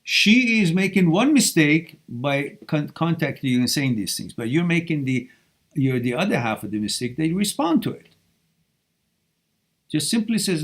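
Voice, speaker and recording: A man with a slightly higher than usual voice, hosting a live advice stream. He talks bluntly and scolds in a lively, animated way. He reads viewer questions aloud and answers them head-on. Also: normal speed. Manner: blunt, animated, scolding tough-love delivery. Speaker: live Q&A host giving relationship advice.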